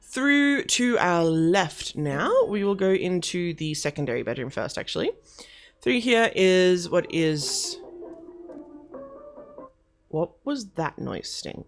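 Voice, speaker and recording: Woman, gaming creator, casual commentary; low-set, very expressive voice; giggly, rambly, self-correcting. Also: slow pace, soft background music. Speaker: video game creator showing a house build.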